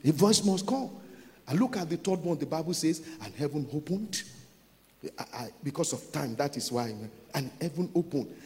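A man's voice: fairly high pitch, lively intonation, normal speed, big-room sound. A Nigerian man preaching a sermon as a pastor, repeating phrases for emphasis.

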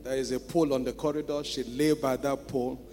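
Nigerian pastor preaching in a hall. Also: male voice, mid-range voice, flat delivery, a little fast. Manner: call-and-response preaching with rhetorical questions; swings between hushed storytelling and loud shouting. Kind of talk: sermon. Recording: reverberant church hall with music.

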